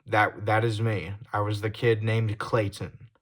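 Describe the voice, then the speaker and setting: A young man talking straight to his audience in a confessional vlog. He swings between heated swearing and quiet, apologetic trailing off, with stumbling restarts. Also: on the low side, little pitch movement, measured pace. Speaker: YouTuber.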